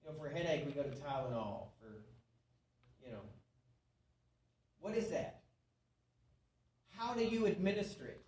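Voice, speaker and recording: A man's voice: fairly high pitch, big pitch swings, moderate pace, long pauses, a little mellow. Earnest man preaching in a roomy hall. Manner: folksy, earnest, repeats himself, asks the audience questions. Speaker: speaker at a men's meeting. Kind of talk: sermon-style storytelling. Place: church hall before an audience. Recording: roomy, distant live hall recording.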